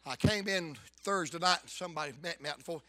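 A man preaching a fervent revival sermon, bursting into loud shouts. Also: on the high side, fast.

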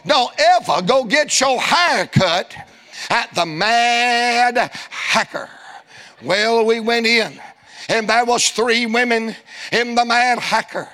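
A man preaching a sermon in a church, telling a folksy, humorous story and rising into shouted exhortation. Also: extremely high pitch, slow pace. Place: church sanctuary before a congregation.

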